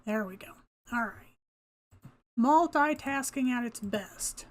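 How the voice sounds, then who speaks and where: A woman's voice: on the high side, slow. An older woman talking casually to herself as she plays a video game, laughing often and cursing mildly at the game's creatures. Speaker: gamer. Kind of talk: casual gameplay commentary.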